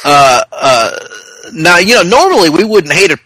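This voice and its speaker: Man co-hosting a chatty podcast, bright forceful voice, dry close mic, playful and jokey. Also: high voice, sing-song, normal speed, no room sound, poor audio. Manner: jokey, breaks into sung lines and laughs. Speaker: podcast co-host. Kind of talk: casual chat.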